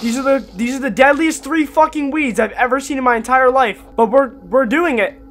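A man giving profane, sarcastic let's-play commentary on a horror game, moving between low mutters and panicked yells. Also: normal speed, a little hiss or hum. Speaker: gaming YouTuber.

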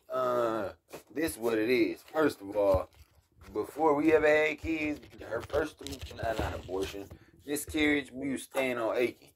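A man's voice: medium pitch, slight background noise. A young adult man telling a rambling, profane story in a casual rant.

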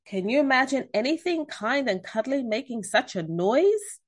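A woman's voice: sits high, big pitch swings, normal speed. A woman voicing a self-important male owl who thinks himself clever, during a picture book reading. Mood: pompous.

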